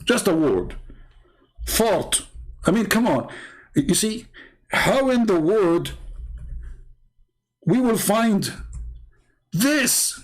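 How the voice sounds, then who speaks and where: A man's voice: sits high, very animated, extremely slow, pauses often. Taunting man with a tinged voice. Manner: taunting, sarcastic, repeats words for emphasis. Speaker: online debate host. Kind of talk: mocking monologue.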